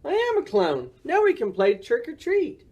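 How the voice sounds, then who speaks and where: Woman voicing a goofy naive storybook guy, super high squeaky, eager questions. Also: wildly swooping pitch, normal speed, warm tone, dull audio. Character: silly, easily confused male storybook character.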